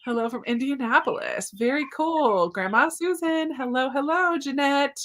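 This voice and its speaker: A woman's voice: high-pitched, normal speed, a bit bright. A woman hosting a live book discussion over a video call, welcoming viewers in an eager, chatty way with plenty of fillers. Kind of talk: casual live-stream chat.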